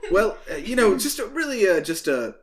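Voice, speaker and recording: A man's voice: high voice, sing-song, moderate pace, a crowd in the background, voice pushed up. A man voicing a tall, skinny male town guard who is out of breath and stammers out rambling excuses. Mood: flustered.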